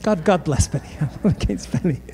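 A British man with a fairly high pitch, vocal fry and a breathy edge preaches at normal speed. His sermon mixes lively, humorous storytelling with asides spoken right to the crowd. The recording carries the long reverb of a large hall.

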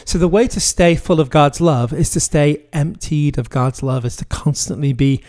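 A man giving sermon-style teaching from his home office, earnest and emphatic, slowing down on key phrases. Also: fairly high pitch, a little mellow. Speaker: pastor.

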